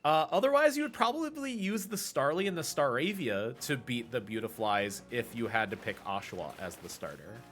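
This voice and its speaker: During a live speedrun stream, a man with a Pacific Northwest American accent explains game routing at length, full of fillers and self-corrections. His mid-range voice is a bit bright, with lively intonation, a normal speed and hardly any pauses, in casual commentary while he plays.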